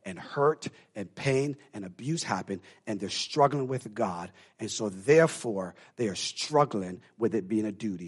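A pastor preaching a sermon, emphatic and calling out to the congregation, swinging from hushed talk to shouting. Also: male voice, lowish voice, animated, unhurried, few pauses, slightly rough.

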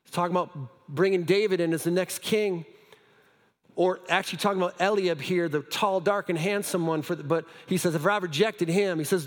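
A high-pitched male pastor preaching in a church hall with a long echo. He tells his story with stumbling restarts, then sinks to hushed lines. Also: steady tone, a little fast. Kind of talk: sermon.

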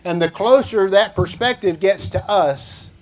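A man's voice: high voice, unhurried, darkish tone. A man preaching a sermon, reading scripture and repeating key phrases for emphasis. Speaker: pastor.

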